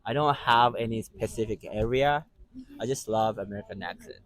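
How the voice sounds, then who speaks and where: Interviewer: man, casual, quick affirmations. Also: on the low side, fairly bright tone. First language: Japanese. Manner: short, frequent nods. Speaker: street interviewer.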